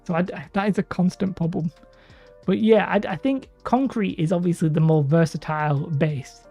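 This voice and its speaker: A woman's voice: lowish voice, normal speed, warm tone. A woman hosting a hobby livestream, chatting casually with viewers and rambling between laughs. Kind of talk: casual livestream chat reading viewer comments. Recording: dull lo-fi stream audio with faint music.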